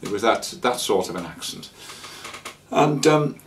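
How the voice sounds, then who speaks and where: A man telling a casual travel anecdote, rambling and halting with fillers and restarts. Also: on the low side, expressive, recorded from a distance, slight background noise. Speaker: traveller sharing scam warnings.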